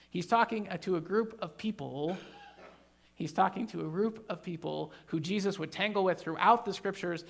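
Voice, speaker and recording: A man as pastor preaching a sermon in a church, emphatic, building to loud animated bursts and joking with the congregation. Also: high voice.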